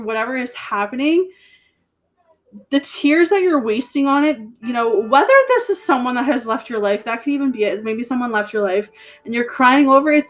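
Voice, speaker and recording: A woman with a slightly hoarse voice giving a chatty, encouraging tarot reading to her viewers, repeating phrases for emphasis. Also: a little high. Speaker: tarot reader. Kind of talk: casual tarot reading to camera.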